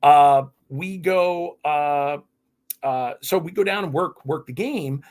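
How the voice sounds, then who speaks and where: A man in his fifties from New England, a podcast guest telling animated stories in casual interview talk. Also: a little high, slow pace. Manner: animated, lively anecdotes with restarts.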